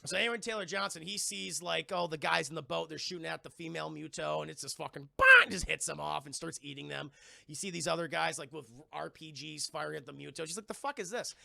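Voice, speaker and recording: A young man streaming a profane, animated movie recap to his live chat. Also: on the high side, fast, creaky, dry recording. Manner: animated, profane, laughing storyteller.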